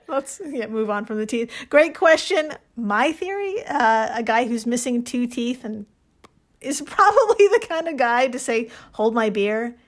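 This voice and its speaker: A woman co-hosting a casual podcast, her voice sitting a little high. She talks in a chatty, wry way and laughs often between points. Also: lively intonation, unhurried. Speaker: podcast co-host. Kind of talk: casual chat.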